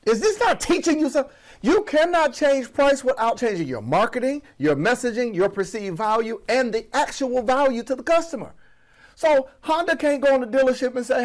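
A man from Florida coaching on business, talking to the audience as family with a playful, animated delivery. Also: very high voice, normal speed. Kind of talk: energetic motivational teaching.

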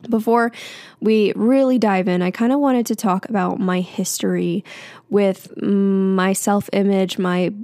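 A woman's voice: mid-range voice, steady tone, a little slow, warm tone, clean tone, no echo. A young woman hosting her own podcast, talking casually and candidly with frequent fillers and light laughs. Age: young adult. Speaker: podcast host. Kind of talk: casual solo podcast chat.

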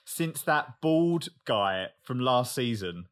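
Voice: mid-range voice, animated, takes it slowly. A podcast co-host chatting casually, swearing freely and acting out other people's voices.

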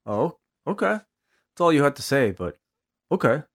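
A man's voice: fairly high pitch, sing-song, moderate pace. A man co-hosting a podcast in casual chat, rambling and hesitant, with lots of fillers and restarts. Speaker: podcast co-host.

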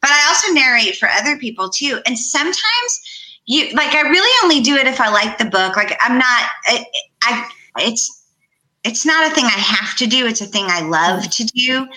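Chatty woman author, bright ringing voice, fairly high, animated storyteller. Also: normal speed, rough recording. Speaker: author and audiobook narrator. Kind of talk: casual panel chat.

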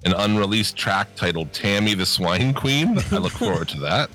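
Bright-voiced, low-pitched man swearing in casual chat. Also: big pitch swings, moderate pace, soft background music. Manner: rambling, swears a lot, many fillers. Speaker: podcast co-host.

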